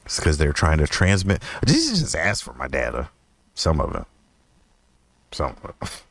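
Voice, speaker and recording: A young man hosting his own podcast, telling a personal story in a rambling, profane way, laughing often and jumping into a higher voice when he quotes himself. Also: wildly swooping pitch, moderate pace, creaky, a bit bright, no room sound. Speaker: podcast host. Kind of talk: casual storytelling monologue.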